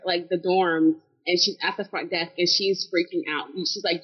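A young woman telling a story in a casual group chat, acting out other people's lines with lively energy. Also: fairly low pitch, moderate pace, hardly any pauses, breathy edge, muffled recording. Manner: animated, acts out quotes. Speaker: panel guest.

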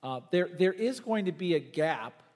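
A man preaches a sermon in a church, his voice sitting high and rising sharply when he presses a point. He swings between loud emphatic bursts and soft, low asides. The sound rings out with a long hall reverb. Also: animated, normal speed. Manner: emphatic preaching with big swings in pitch and volume. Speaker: pastor.

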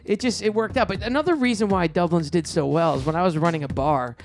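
A middle-aged man telling stories in a casual interview, animated and quick, acting out quoted lines in a raised voice. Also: high-pitched, slight background noise. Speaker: comedian and show producer, guest. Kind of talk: casual storytelling in a podcast interview.

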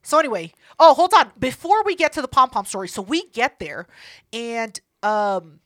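A woman co-hosting a podcast, telling a story in casual chat, profane and animated, acting out what people said. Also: fairly high pitch, normal speed, no room sound, clean studio sound. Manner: profane, animated, acts out quotes. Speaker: podcast co-host.

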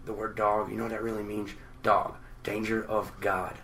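A rambling, eccentric older actor muttering low and soft, lingering over odd word meanings, as a man puts him on. The delivery is hushed and a bit spacey. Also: flat delivery, normal speed, recorded from a distance. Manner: low, quiet, rambling and mumbling.

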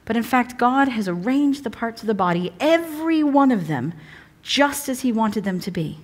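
Woman preaching at church, chatty, jokey, keeps restarting herself, voice on the high side. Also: lively intonation, moderate pace. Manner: chatty, humorous, self-interrupting. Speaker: guest preacher. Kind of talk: sermon. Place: church evening service.

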